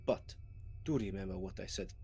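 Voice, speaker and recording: A man's voice: low-pitched, moderate pace, mellow, soft background music, natural voice. An Australian man voicing a large male adventurer who gives a solemn, reassuring farewell in a tabletop game.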